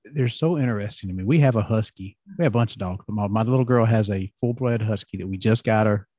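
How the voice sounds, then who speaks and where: A man's voice: on the low side, fast talker, dark tone, dry recording, clean studio sound. A middle-aged man hosting a podcast, telling rambling stories in a casual chat and laughing often. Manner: rambling, chatty storytelling with frequent laughs. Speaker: podcast host. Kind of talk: casual conversation.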